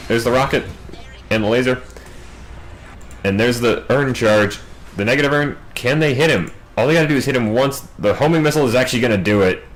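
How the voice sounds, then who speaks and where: A man doing solo play-by-play game commentary, racing through big fights and dropping wry asides in quiet moments. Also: medium pitch, a little hiss or hum, low-quality recording. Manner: quick, excitable calls in big plays, wry asides in lulls. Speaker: match commentator.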